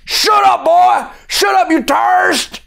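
A man doing shrill bullying cops barking orders. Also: normal speed. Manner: yelling, bullying. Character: aggressive shouting male police officers.

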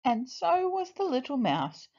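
Slow, lively storybook-reading woman. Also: sits high, lo-fi sound. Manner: expressive, deliberate. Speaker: teacher reading aloud. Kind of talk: children's storybook read-aloud.

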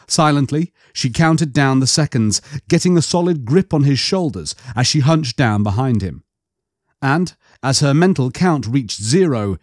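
A male audiobook narrator reading in a steady, even storytelling manner. His voice sits in a middle register. The sound is dry and close, with no room around it. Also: mid-range voice, no echo.

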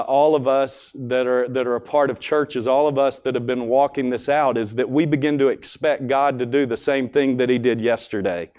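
A man's voice: medium pitch, a little mellow. A man preaching a sermon at a school chapel in a folksy, conversational storytelling manner.

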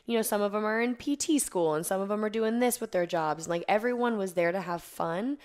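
A woman's voice: mid-range voice, fairly quick. A young woman, a guest on a podcast, telling stories in casual chat full of "like" and acting out her own past lines. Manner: animated storyteller who acts out her own quotes, many fillers. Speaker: podcast guest, competitive athlete.

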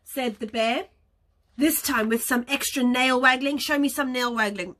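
A woman teacher reading a picture book aloud to young children, animated, gasping and coaxing them to join in. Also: high voice, moderate pace. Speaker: early years teacher.

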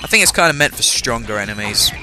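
A man's voice: medium pitch, animated, quick pace. A young man with an English accent and a slight cough, chatting casually while he plays a game. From England. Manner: chatty, self-mocking, many fillers. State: has a cough. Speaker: let's-play gamer. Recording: voice over game music.

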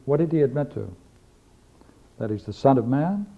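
Gravelly-voiced man lecturing on scripture. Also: medium pitch, expressive, moderate pace. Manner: emphatic, repeats key phrases. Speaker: philosophy teacher. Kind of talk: lecture reading and discussing scripture. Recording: dull lo-fi videotape recording.

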